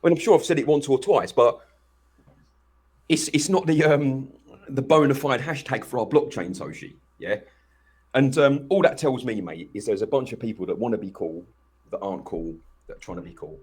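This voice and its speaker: Husky-voiced brash man. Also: medium pitch, moderate pace, a little mellow. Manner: blunt, brash, swearing. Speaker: podcast co-host. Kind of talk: casual chat.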